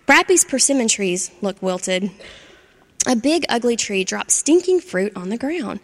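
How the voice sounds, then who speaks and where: A woman narrating a children's storybook aloud in an expressive, measured way. Her voice has a gravelly texture, and a long reverb trails behind her words as if she reads in a hall. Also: fairly high pitch.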